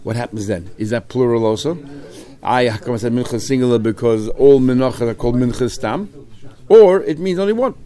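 Male Talmud teacher, lively, keeps asking the class questions. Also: medium pitch, a little fast. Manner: lively, mixes Hebrew-Aramaic terms into English, rhetorical questions.

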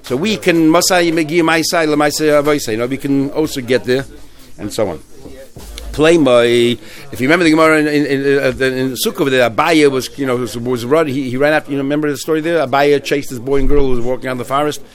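A man teaching a Talmud class, retelling stories in a lively, halting way with many restarts. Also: medium pitch. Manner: animated storyteller, many restarts and fillers.

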